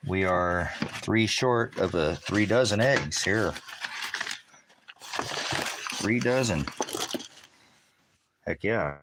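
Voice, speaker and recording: A man's voice: deep voice, very slow, pauses often. A man hosting a casual livestream outdoors, rambling and talking to his dogs and hens in a coaxing voice while he walks around his yard. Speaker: livestream host. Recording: loud wind and outdoor noise.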